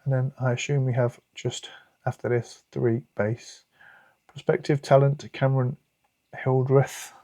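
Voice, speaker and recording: A man's voice: mid-range voice, little pitch movement, measured pace, mellow, no room sound. A British man with a British accent hosting a casual card-opening video, chatting and muttering asides to himself. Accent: British English. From United Kingdom. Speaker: card collecting channel host.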